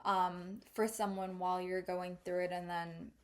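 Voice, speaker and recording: A woman's voice: fairly low pitch, little pitch movement, unhurried. A young woman co-hosting a casual podcast chat, reflective and a little hesitant, with lots of fillers. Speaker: podcast co-host.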